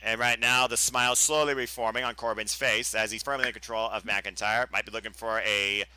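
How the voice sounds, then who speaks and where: A man giving lively, mock-broadcaster play-by-play commentary of wrestling during a watch-along. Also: lowish voice, a little fast, clean tone, dry recording.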